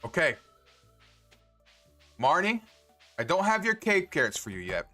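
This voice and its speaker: A man's voice: a little high, very animated, a little slow, bright, forceful tone, soft background music. A man livestreaming a farming game, rambling to himself and swearing often in casual commentary.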